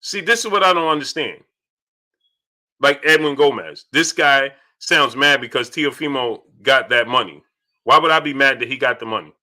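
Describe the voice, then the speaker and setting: A young man hosting a casual live stream, reading viewer chats aloud and answering them in an animated way that repeats itself. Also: medium pitch, moderate pace. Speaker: livestream host reading super chats. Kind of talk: casual livestream chat.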